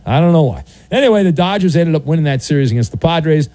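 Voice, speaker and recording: Playful sports radio host, mellow tone. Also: male voice, fairly high pitch, lively intonation, fast, no echo. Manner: jokey, playful, sardonic.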